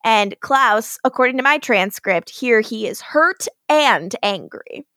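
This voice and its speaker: A woman co-hosting a podcast, recapping a TV episode in an animated, profane way and laughing often. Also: fairly high pitch, slow pace, no room sound, clean studio sound. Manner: animated, profane, laughing while retelling scenes. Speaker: podcast co-host.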